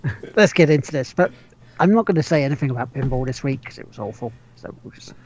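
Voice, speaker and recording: A man's voice: medium pitch, expressive, fast talker, a little mellow, slight background noise. A man co-hosting a gaming podcast, rambling in casual chat. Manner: rambling, chuckling. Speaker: podcast co-host. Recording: dull lo-fi mic.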